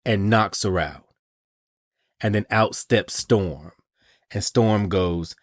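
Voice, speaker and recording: An animated male podcast host recaps a comic book in a casual, swearing, playful way. His voice sits on the low side. The sound is close-miked and dry. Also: slow pace, pauses often, no echo.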